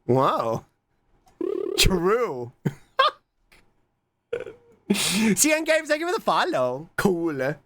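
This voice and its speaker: Casual live streamer, unhurried and lively in pitch, swears easily, thanks viewers, jumps to squeals. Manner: playful, swears casually, reads chat aloud and thanks viewers; jumps to squeaky high exclamations. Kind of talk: casual live-stream chat reacting to clips.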